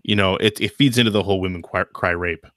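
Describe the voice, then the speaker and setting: A man's voice: low-pitched, fast talker, fairly bright tone, dry recording, clean studio sound. A man co-hosting a podcast, speaking emphatically and firmly about his opinions. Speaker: podcast co-host. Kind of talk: casual podcast chat.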